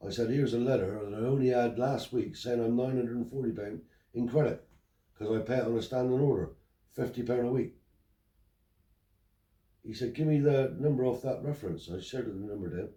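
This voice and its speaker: This older man speaks at medium pitch and a little fast, telling stories and acting out the dialogue animatedly in a casual chat. He's a Romany Traveller interviewee, recorded roomily from a distance.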